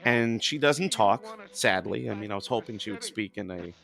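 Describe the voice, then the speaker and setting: A hoarse man, voice worn rough after days of singing, chats animatedly as a podcast guest. His low, gravelly tone drifts through rambling asides, broken up with frequent laughter. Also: moderate pace, fairly bright tone. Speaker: guest, working singer. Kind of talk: casual chat.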